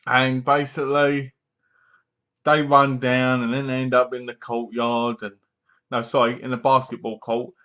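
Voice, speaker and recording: A man's voice: medium pitch, monotone, a little slow, pushed and bright. A man giving a casual, rambling film review, leaning on filler words and restarts.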